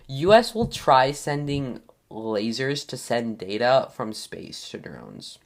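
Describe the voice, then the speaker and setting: A young man hosting a casual solo podcast, rambling with lots of fillers and tripping over hard names. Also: mid-range voice. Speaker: podcast host.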